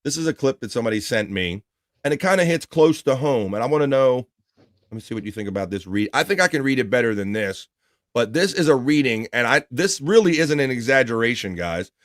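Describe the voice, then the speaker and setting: A laid-back man with a Baltimore accent hosts a casual livestream, chatting loosely and reading viewer comments aloud. His voice sits at an ordinary middle pitch and sounds close and dry, with no room echo around it. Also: expressive, fairly quick. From Baltimore area, United States. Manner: easygoing, reads viewer comments aloud, laughs easily. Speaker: livestream show host.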